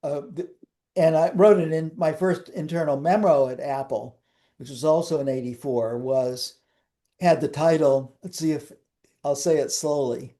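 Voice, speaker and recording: A man's voice: on the high side, fairly even intonation, unhurried, mellow. An older man, a guest in an interview, telling wry, rambling anecdotes with frequent restarts.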